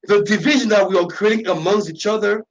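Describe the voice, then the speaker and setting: A man's voice: high voice, quick pace, low-quality recording. A man hosting a radio talk show, delivering an impassioned, preachy monologue with lots of repetition and emphasis.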